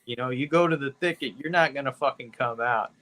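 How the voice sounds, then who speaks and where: A man's voice: medium pitch, fairly quick, bright, forceful tone. A man co-hosting a podcast, reviewing movies in a laid-back, rambling chat full of "you know" and casual swearing. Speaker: podcast co-host.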